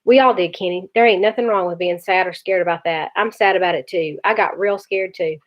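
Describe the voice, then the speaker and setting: A woman reading aloud, voicing a gruff older teenage brother who is blunt but protective. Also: fairly low pitch, fairly quick, natural voice. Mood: comforting. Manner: blunt, scolding. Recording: dull lo-fi recording.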